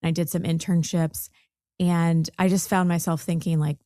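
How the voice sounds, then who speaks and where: A woman's voice: fairly low pitch, flat delivery, moderate pace, dark tone, dry recording, clean studio sound. A woman in her forties from the American South, a podcast guest telling her story in a chatty way with laughs. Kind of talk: casual interview chat.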